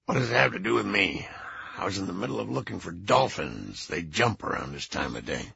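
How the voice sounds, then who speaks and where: A low, congested old music producer, as a male narrator puts him on, mutters scornful, sardonic remarks. His voice sits deep and gravelly, with a husky rasp. The storybook recording is dry and slightly dull. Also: very animated, a little fast, sharp tone, no room sound, heavily acted. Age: older.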